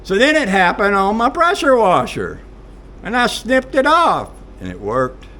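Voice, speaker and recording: A man's voice: sits high, huge pitch swings, measured pace, sharp tone. A man ranting in a folksy, exasperated monologue straight to camera. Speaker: vlogger.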